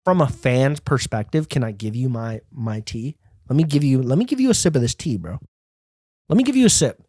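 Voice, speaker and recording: A man's voice: mid-range voice, sing-song, brisk, mellow, dry recording, clean studio sound. Rambling, profane young man podcasting. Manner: rambling, profane, self-deprecating. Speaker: podcast host. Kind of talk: casual solo podcast monologue.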